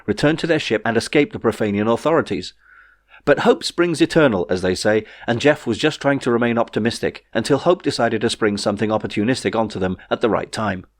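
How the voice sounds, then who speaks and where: A man narrating his own novel in a wry, measured storytelling way. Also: lowish voice, dry recording, studio quality. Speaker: author reading his novel. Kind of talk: audiobook narration.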